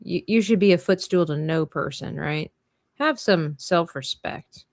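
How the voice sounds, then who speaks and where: A woman's voice: on the low side, measured pace, no room sound, clean studio sound. A woman hosting a live drawing stream, chatting playfully and thinking aloud as she works. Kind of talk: casual chat while drawing.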